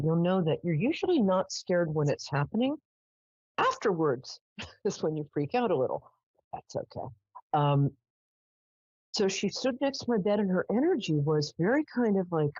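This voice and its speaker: This woman has a deep voice, captured in a dry, dull-sounding recording. She hosts a live psychic call-in radio show, chatting casually and telling stories in an animated way, with lots of "um"s and frequent laughter.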